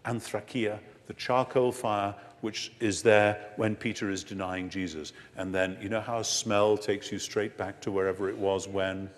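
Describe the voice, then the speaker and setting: An older man giving a sermon-style lecture to an audience, expressive, slowing down for emphasis and moving between soft and loud. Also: fairly low pitch. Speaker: preacher. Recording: long hall reverb.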